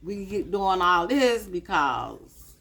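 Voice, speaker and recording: Slow, lively-voiced woman in her fifties. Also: lowish voice, vocal fry. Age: 50s. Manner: chatty, musing, addresses viewers as y'all. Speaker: vlogger. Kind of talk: casual chat to camera.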